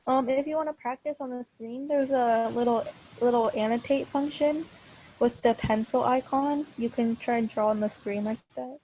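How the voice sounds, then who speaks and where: A woman's voice: on the high side, moderate pace, mellow, slight background noise, rough recording. A woman teaching a language class online over a video call, patient and encouraging, with many fillers. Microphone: computer mic on a video call.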